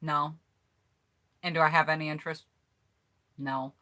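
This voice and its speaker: A woman's voice: deep voice, little pitch movement, unhurried, sharp tone. An American woman hosting a casual live stream, reading out viewer comments and answering in a blunt, candid, chatty way. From United States.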